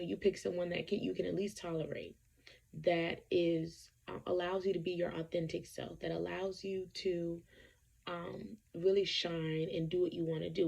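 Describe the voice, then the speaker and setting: A woman's voice: lowish voice, vocal fry, darkish tone, husky. A woman vlogger giving her opinions in an emphatic, conversational way, repeating points for stress. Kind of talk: casual opinion talk to camera.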